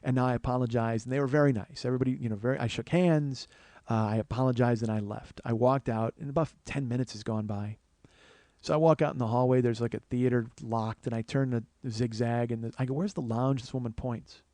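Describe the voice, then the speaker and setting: The voice is a man's, mid-range and brisk, recorded without echo. He's a forties-aged comedian spinning a personal podcast story, cursing often and impersonating other people, including a raised-voice rendition of the crowd.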